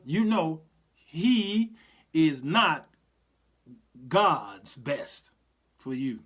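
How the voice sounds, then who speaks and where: A man hosting his own show in a casual, preacherly monologue, folksy and quick to laugh. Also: a little high, husky. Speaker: show host.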